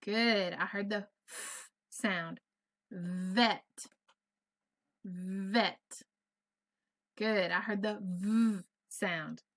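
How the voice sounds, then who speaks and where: A woman's voice: mid-range voice, fairly even intonation, very slow, pauses often, fairly bright tone. A woman teaching an online first grade phonics lesson, patient and encouraging, carefully over-enunciating each sound. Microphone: computer mic on a video lesson.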